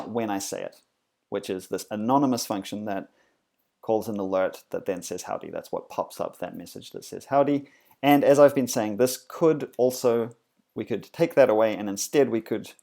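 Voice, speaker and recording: A man talks through a coding tutorial in a relaxed, explanatory way, often pausing with fillers and correcting himself. His voice sits on the low side and has a gravelly, creaky edge. He sounds like he is recording a screencast at his desk. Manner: casual, explanatory, frequent fillers and self-corrections. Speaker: instructor.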